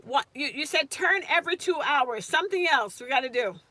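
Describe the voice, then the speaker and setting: A woman's voice: high voice, expressive, brisk, sharp tone, no room sound. A woman tutoring nursing students on a casual live stream, chatting and answering viewers' comments by name.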